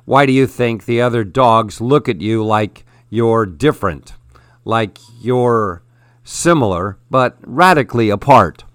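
A man's voice: medium pitch, unhurried, fairly bright tone, no room sound, clean studio sound, lightly acted. A man voicing a weary, stern elder woman. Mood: earnest, firm. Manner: firm and earnest.

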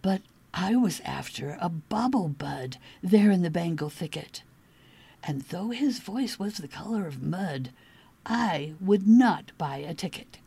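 A woman reading children's verse aloud in an unhurried, playful way, dipping now and then into whispers. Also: lowish voice, animated, vocal fry, dark tone, slightly rough.

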